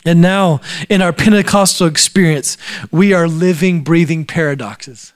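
A man's voice: on the high side, moderate pace. A man preaching a sermon, telling stories and acting out the people in them. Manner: acts out quoted voices while telling stories. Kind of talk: sermon storytelling.

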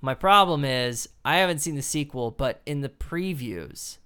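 A man's voice: medium pitch, expressive, moderate pace, pushed and bright, smooth. A man in casual chat as a podcast co-host, talking in a loose, rambling way and swearing for emphasis.

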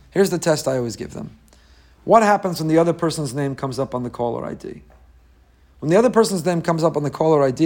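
A man gives a Torah class in a slightly raised, lively voice. He teaches with energy and often drops into quick acted voices for the people in his examples. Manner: animated, acts out quoted voices with rising pitch. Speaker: rabbi.

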